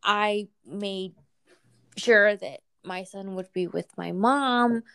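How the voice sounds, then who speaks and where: Woman chatting through a personal story, slow and smooth, easygoing. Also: medium pitch. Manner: relaxed, chatty, acts out quoted voices. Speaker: guest telling a personal story. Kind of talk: casual storytelling chat.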